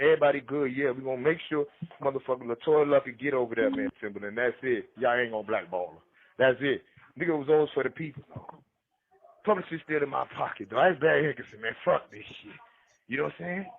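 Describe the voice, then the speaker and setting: A man's voice: fairly high pitch, breathy edge. A man telling rambling street stories as a podcast guest, slangy and jumping between names. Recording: tinny phone line.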